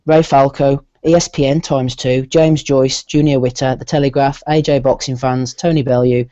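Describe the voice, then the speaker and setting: A man hosting a live boxing podcast, briskly reading out names and calling on each panelist in turn. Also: medium pitch, steady tone, mellow, no room sound, muffled recording. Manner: runs the show, reads lists and calls on panelists. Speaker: podcast host.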